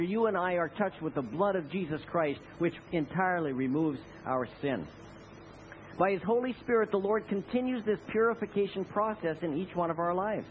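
A man preaching a sermon with passion, leading the congregation in spoken responses. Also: sits high. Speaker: pastor. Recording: tinny phone-like recording with faint noise.

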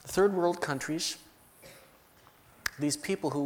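A man with a slightly higher voice delivers a sermon. He speaks earnestly and at times sinks into a hushed, slowed-down tone to stress a point. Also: a little hiss or hum. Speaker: preacher.

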